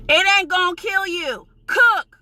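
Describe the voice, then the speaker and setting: New york lady going off in a vlog, high bright voice, cussing, passionate not angry. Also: moderate pace, dry recording. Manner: heated, emphatic and profane, insisting she is passionate, not angry. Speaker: vlogger. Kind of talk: ranting vlog.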